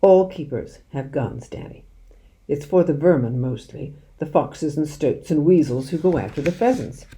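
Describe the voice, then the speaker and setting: A woman's voice: deep voice, moderate pace, lightly acted. Woman reading as a mischievous poacher dad. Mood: animated. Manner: animated, conspiratorial, drops to hushed secrecy. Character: lively middle-aged village father, mischievous poacher.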